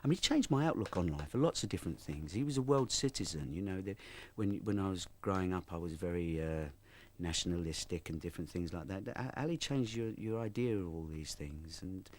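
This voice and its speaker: A man's voice: sits low, expressive, fairly quick, a little mellow. A man recalling memories in a documentary interview, speaking reflectively and stumbling over his words.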